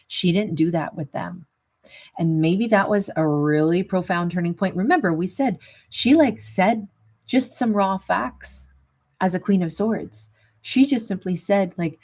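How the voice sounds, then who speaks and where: Rambling woman tarot reader, slightly low voice, casual monologue with asides. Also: normal speed, darkish tone. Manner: rambling and conversational, many asides; chuckles at her own jokes.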